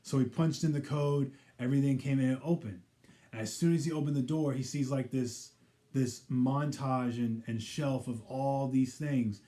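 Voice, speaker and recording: A man's voice: medium pitch, fairly even intonation, normal speed, warm tone. A man giving a casual, rambling recap of a TV episode, full of "you know" fillers. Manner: acts out characters' quoted lines in passing. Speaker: pop culture vlogger.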